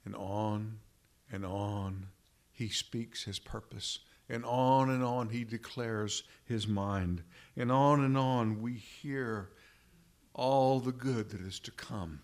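A man preaching a sermon, slow and deliberate, repeating phrases for emphasis and addressing the congregation as brethren. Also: fairly low pitch. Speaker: pastor.

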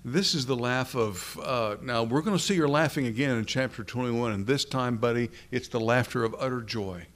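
A middle-aged man delivers a sermon in a mid-pitched voice. He reads scripture aloud and puts questions to his listeners. He slows right down to stress key phrases. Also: a bit bright. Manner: deliberate, asks the congregation questions, slows down for emphasis. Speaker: preacher.

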